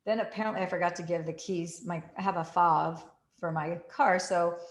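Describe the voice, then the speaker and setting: A woman telling a story in a casual way, acting out the quotes with big jumps in pitch. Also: fairly even intonation, moderate pace. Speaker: group participant sharing a story. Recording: roomy echo.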